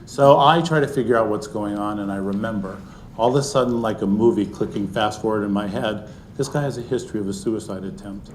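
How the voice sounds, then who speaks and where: A middle-aged man telling a personal story to an audience, earnest, and often sinking into a soft, hushed voice. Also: on the low side, brisk, a little hiss or hum. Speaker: speaker sharing a personal story.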